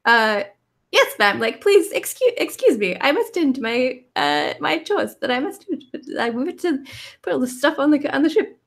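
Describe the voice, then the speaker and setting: A woman's voice: high-pitched, sing-song, moderate pace, pitched above the performer's own voice. A woman voicing a tiny cheerful male copper automaton servant with a cute little robotic voice. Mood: eager. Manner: eager, dutiful, formal.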